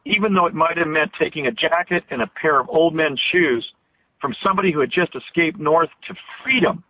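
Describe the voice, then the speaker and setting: Speaking briskly in a slightly high voice, a man in his fifties calls into a radio show as a guest and tells a long, earnest, rambling story that keeps restarting. The phone line sounds tinny and dry.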